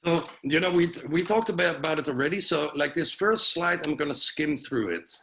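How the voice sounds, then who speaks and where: A man's voice: a little high, animated, fairly quick, vocal fry, pushed and bright, poor audio. A man giving an informal health presentation on a video call, loose and chatty with lots of fillers and restarts. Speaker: webinar presenter.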